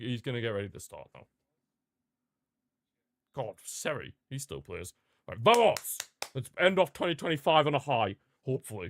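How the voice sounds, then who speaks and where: A man's voice: mid-range voice, no echo, studio quality. A young man, chatting casually and reacting aloud while he watches a football match live.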